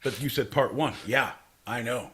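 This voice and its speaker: A man's voice: medium pitch, normal speed, a bit bright, husky. A man co-hosting a podcast, teasing his friend in goofy, casual comedy banter. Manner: goofy, teasing, jumps into silly voices. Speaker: podcast co-host.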